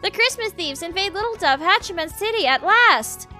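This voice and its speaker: A woman voicing a rough male bird who once ran with a biker gang, speaking in urgent warnings. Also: extremely high pitch, expressive, moderate pace, sharp tone, faint music behind, voice pushed up, exaggerated voice. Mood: alarmed.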